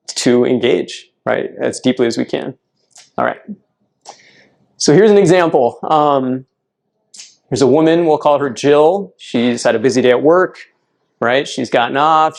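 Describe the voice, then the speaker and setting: A man's voice: mid-range voice, vocal fry. A man, a clinical psychologist, giving an earnest presentation at a health fair and often checking in with "right?". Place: event room.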